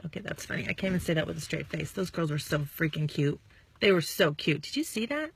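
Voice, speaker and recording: A woman in her thirties giving a bubbly, chatty motivational talk to her followers as a sales coach, acting out quick bits of dialogue. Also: sits low, animated, gravelly, slightly rough. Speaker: network marketing coach.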